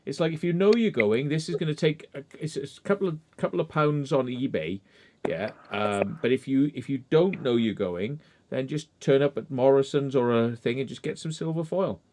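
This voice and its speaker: A man's voice: medium pitch, normal speed, a little mellow, a little hiss or hum. A man hosting a casual live chat, rambling and leaning on "you know" as he explains things.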